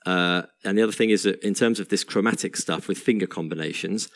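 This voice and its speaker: A man teaching a piano exercise in a relaxed, chatty way, counting beats aloud as he plays. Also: sits low, fast, no echo. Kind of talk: casual instructional talk over piano playing. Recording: piano playing loud behind the voice.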